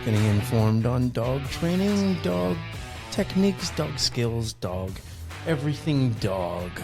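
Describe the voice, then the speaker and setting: A man's voice: mid-range voice, very animated, slow pace, over music. A man hosting a dog-training podcast, chatting loosely with lots of fillers and restarts. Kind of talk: casual podcast chat.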